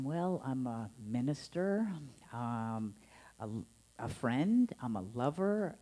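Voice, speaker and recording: A woman minister preaches a Sunday sermon in a low, mellow voice. Her pitch swoops up and down with a lot of life. She talks in a playful, chatty way and acts out the tones she describes. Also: takes it slowly, long pauses. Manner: animated and playful, acting out scolding tones with laughs. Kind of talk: Sunday sermon to a live and online congregation. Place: church service.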